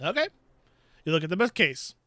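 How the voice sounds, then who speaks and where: A man's voice: on the high side, big pitch swings, a little fast, sharp tone, no room sound. Exasperated, laughing gaming YouTuber man. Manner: exasperated, laughing storyteller who acts out his own reactions. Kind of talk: casual ranting game review.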